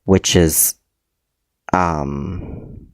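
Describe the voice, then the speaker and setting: A deep-voiced man works slowly through a livestreamed math lesson, often pausing with ums and correcting himself. The sound is dry and close. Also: steady tone, no room sound. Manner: hesitant, many ums and self-corrections. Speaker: math teacher.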